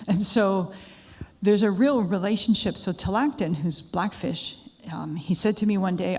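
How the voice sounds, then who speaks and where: A woman's voice: mid-range voice, a little slow, a little mellow. A woman giving a talk to a live audience, telling stories in a conversational way with asides to the listeners. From Canada. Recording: echoey hall with long reverb.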